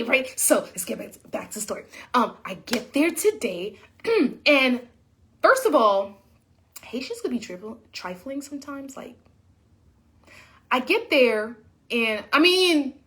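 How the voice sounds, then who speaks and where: A woman's voice: high voice, unhurried. A woman, an author, telling a casual story to her viewers, acting out what people said and chatting to them directly. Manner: animated, acts out quotes, talks to viewers as y'all. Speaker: author and vlogger.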